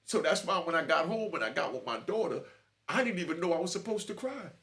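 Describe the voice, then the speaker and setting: A man's voice: a little high, sing-song, fast, fairly bright tone. A middle-aged man telling his own story to camera in a streetwise way, often asking "you know what I mean". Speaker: host.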